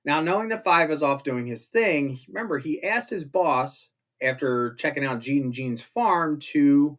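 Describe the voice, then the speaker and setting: A man's voice: on the high side, normal speed, fairly bright tone. A man casually recapping TV episodes as a show host, chatty and rambling with jokey asides. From not British.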